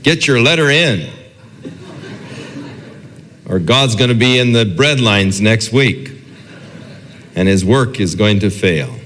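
A low-pitched pastor preaches from the pulpit in an easy, conversational manner, slipping into the voices of those he quotes. His slow, slightly bright delivery has lively intonation and long pauses, ringing with long reverb through a large church hall.

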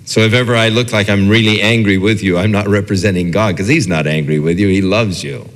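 A low-pitched man delivering a sermon from the pulpit, preaching in an easy, conversational way. He slips into the voices of the people he quotes. His voice rings out with a long reverb in a large church hall. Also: fairly even intonation, fairly quick. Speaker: pastor.

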